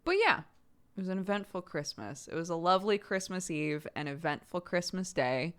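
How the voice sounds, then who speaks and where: Woman streamer, 30s, lowish pitch, casual and rambling, answering chat. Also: expressive, normal speed, a bit bright. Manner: chatty, rambling with many restarts. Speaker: livestreamer.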